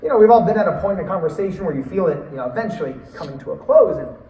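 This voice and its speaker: A man telling a story in a talk, lively, acting out what people said. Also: sits high, very fast, reverberant, recorded from a distance, dull audio, a little hiss or hum. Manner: animated, acts out quotes and laughs. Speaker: speaker.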